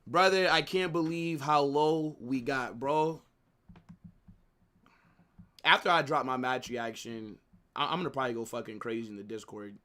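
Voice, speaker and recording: A man's voice: medium pitch, normal speed, long pauses, sharp tone, slight background noise. A young man hosting a live football watch-along, ranting and swearing in frustration. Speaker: livestream host.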